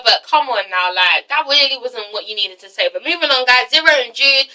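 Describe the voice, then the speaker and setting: High, bright, sassy woman vlogger. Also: rough recording. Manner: chatty, sassy, profane. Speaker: TV show reviewer. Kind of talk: casual recap vlog.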